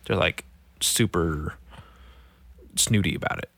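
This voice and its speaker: A man's voice: medium pitch, expressive, measured pace, sharp tone, dry recording. A young man hosting a solo podcast, grumbling and swearing as he reads out local headlines. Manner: profane, irritable, grumbling. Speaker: podcast host.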